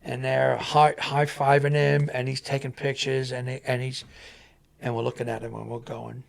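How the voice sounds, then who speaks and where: A man, a stuntman guest, telling animated on-set stories and acting out the voices of the people in them. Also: mid-range voice, normal speed, gravelly. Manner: animated, acts out voices in anecdotes. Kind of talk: animated storytelling.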